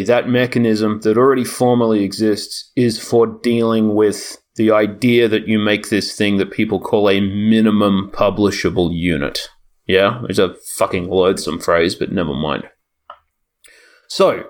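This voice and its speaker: A man co-hosting a casual chat, rambling and sardonic, swearing freely. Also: on the low side.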